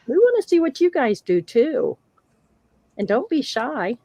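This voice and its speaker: A woman's voice: sits high, big pitch swings, unhurried, mellow, dry recording. A woman hosting a casual craft livestream, reading out chat comments and laughing often between remarks.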